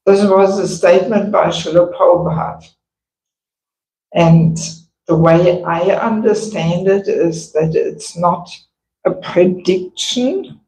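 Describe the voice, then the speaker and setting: An older woman with a croaky voice, giving a slow, earnest devotional class in a temple hall. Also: lowish voice, dark tone, a little hiss or hum. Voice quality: croaky, gravelly voice. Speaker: temple speaker.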